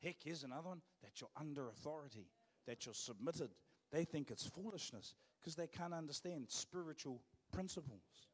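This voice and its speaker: New Zealand pastor preaching in a reverberant hall. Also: male voice, a little high, expressive, moderate pace, slightly rough. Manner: conversational, emphatic preaching with repeated phrases. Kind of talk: sermon. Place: church auditorium. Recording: long church hall reverb.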